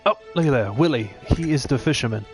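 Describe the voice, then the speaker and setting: A man at an ordinary mid pitch, talking casually as he plays and walks viewers through tips. Clear game music plays behind his voice throughout. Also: expressive, fast. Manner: chatty, explains tips to viewers. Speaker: let's play streamer. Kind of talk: casual gameplay commentary.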